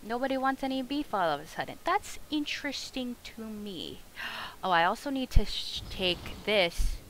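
A woman streaming a video game live, swearing a lot and talking to the enemies on screen, going from loud outbursts to quiet mutters. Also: on the high side, animated, normal speed, a little hiss or hum, poor audio. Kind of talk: live gameplay commentary.

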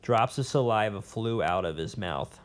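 A man's voice: lowish voice, lively intonation, moderate pace. A man reading a novel aloud in a plain way, with small slips and restarts. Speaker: reader.

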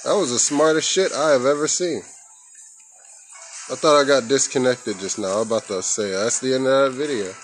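Here a young man narrates his gameplay from home on a headset mic, cussing, yelping suddenly, and trash-talking in fun. His mid-range voice moves at a normal speed, and faint music plays behind him in a low-quality recording.

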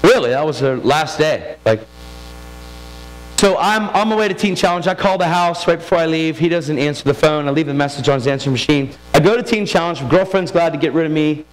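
Guy preaching his own story, kinda high voice, super casual, soft music under it. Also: a little fast, rough recording. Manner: casual storytelling, acting out quoted friends. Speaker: preacher giving testimony. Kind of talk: sermon testimony.

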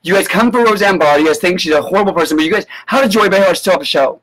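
A man giving an indignant live-stream rant, sarcastic and full of profanity, breaking into sudden high yelps. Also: very fast, fairly bright tone, low-quality recording. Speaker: political commentator. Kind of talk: ranting live-stream commentary.

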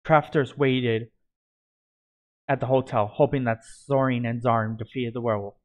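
A male storyteller reading his own fantasy story aloud, stumbling now and then and starting words over. His voice sits at a middling pitch, and the delivery is plain and unpolished. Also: steady tone, moderate pace. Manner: plain reading with frequent slips and restarts.

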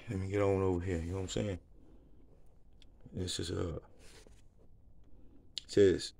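A man's voice: low-pitched, flat delivery, unhurried, vocal fry, pauses often, mellow. A man reading scripture and praying in a casual, emotional way, often asking "you know what I'm saying". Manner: emotional, worked up. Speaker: preacher. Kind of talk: casual bible reading and prayer.

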